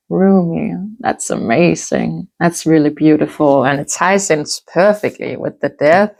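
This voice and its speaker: A woman giving a casual tarot reading, musing aloud with soft hums and restarts as she turns the cards. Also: deep voice, a little slow, vocal fry, few pauses. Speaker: tarot reader.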